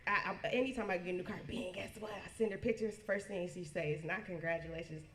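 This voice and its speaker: Halting woman giving a tearful toast. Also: on the low side, a bit bright, a little hiss or hum. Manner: halting, restarts often, emotional. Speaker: niece giving a birthday tribute. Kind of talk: heartfelt casual speech. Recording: echoey room.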